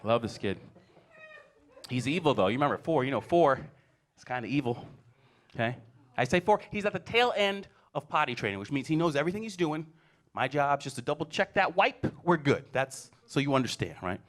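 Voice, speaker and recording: A man's voice: mid-range voice, animated, brisk. A man in his forties doing a stand-up comedy set, telling stories and acting out his kids. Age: 40s. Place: comedy stage before a live audience.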